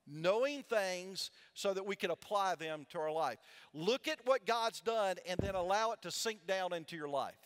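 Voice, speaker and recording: A male pastor with a high voice delivers a sermon in a big church sanctuary, his words ringing out with a long hall reverb. He preaches in call-and-response fashion, pausing on questions for the congregation to answer. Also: animated, clear, resonant tone. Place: large church sanctuary with balcony.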